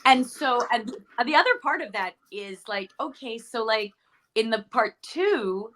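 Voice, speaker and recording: A middle-aged actress guest telling stories in a chatty interview, often correcting herself mid-sentence. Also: female voice, on the high side, lively intonation, a little slow, fairly bright tone, slight background noise. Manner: chatty, storytelling, self-correcting. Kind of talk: casual interview chat.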